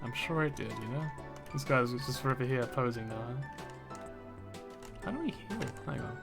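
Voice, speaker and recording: Male streamer, casual wry gameplay commentary, medium pitch. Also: lively intonation, normal speed, vocal fry, music in the background. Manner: thinks aloud, wry and easygoing.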